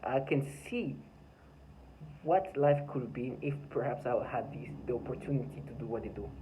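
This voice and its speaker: A man's voice: medium pitch, normal speed, dark tone, slight background noise, poor audio. A man talking by his front door in an agitated, rambling vlog monologue, full of stammered restarts and bitter laughs. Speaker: vlogger.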